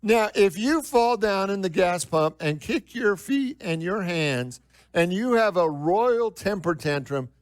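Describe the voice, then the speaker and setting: A man's voice: sits high, animated, unhurried, no room sound. A male minister delivering a sermon in a conversational style, asking the congregation questions and repeating key phrases for emphasis. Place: church.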